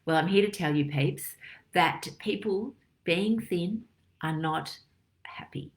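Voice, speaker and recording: A middle-aged woman doctor giving a lively, chatty health talk full of analogies. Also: lowish voice, takes it slowly. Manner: lively, chatty, acts out little dialogues and analogies. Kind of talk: casual health talk to camera.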